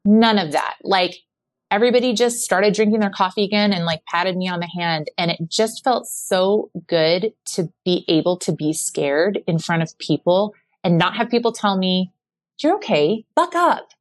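Middle-aged woman guest on a podcast, lowish voice, super candid and animated, dry close sound. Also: normal speed, dry recording. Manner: candid, animated storytelling with many "like"s. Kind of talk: personal conversation.

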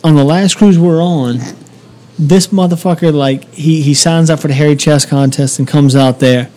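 Podcast co-host, male, slightly high pitch; profane, lively storyteller in casual chat. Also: normal speed.

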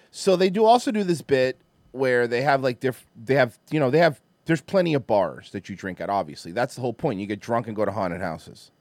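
Animated rambling male storyteller. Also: medium pitch, dry recording. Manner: rambling, profane, lots of fillers and self-interruptions; animated, swings between mumbling asides and loud bursts. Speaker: podcast host. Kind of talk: casual storytelling chat.

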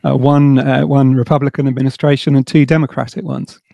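A man appearing as a guest on a podcast, explaining history at a calm, measured storytelling pace. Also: mid-range voice, vocal fry, no echo, highs cut off. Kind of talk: podcast interview.

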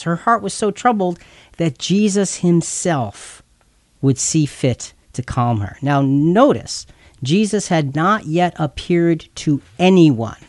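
A man's voice: a little high, a little mellow, no room sound. A man teaching a Bible passage in an earnest, explanatory way, sometimes stumbling and repeating words. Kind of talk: explanatory scripture talk.

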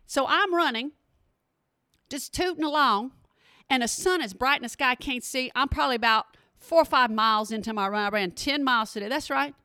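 A high, bright-voiced woman, chatting to her podcast listeners. Her delivery is animated and full of exclamations, with a dry, close sound. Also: moderate pace, no echo. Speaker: podcast host. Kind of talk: casual storytelling monologue.

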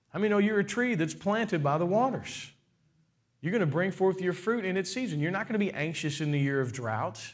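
A pastor in his forties delivers a sermon, tossing rhetorical questions at the crowd. His pitch and volume swing vividly, and he slips in playful asides.

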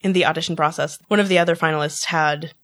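Chatty woman, slightly low voice. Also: fairly even intonation, quick pace. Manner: chatty, laughs often, restarts words. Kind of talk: casual chat.

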